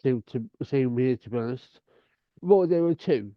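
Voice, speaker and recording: A man co-hosting a casual podcast, talking haltingly with many ums and restarts. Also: medium pitch, lively intonation, no echo, muffled recording. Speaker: podcast co-host.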